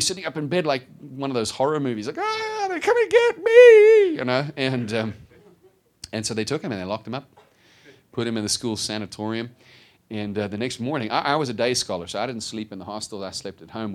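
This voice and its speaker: A man preaching a sermon, telling his own story with lively storytelling and acted-out voices. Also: mid-range voice, fast. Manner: animated storytelling, acts out voices. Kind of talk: sermon testimony.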